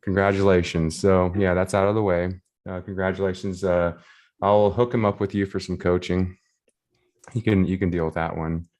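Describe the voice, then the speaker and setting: A man, a race volunteer, casually telling an animated story full of fillers and laughter. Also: sits low, moderate pace. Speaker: race volunteer and shuttle driver.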